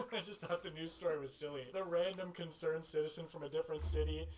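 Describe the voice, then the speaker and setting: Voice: medium pitch, fairly quick, a little mellow. A vlogger gives a mock-outraged, jokey voiceover. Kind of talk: voiceover commentary.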